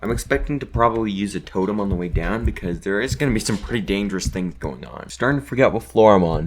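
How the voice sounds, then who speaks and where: A man's voice: lowish voice, expressive, a little fast, hardly any pauses. A young man giving jokey, self-mocking commentary on his own gameplay, talking straight to the viewer. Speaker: gaming YouTuber.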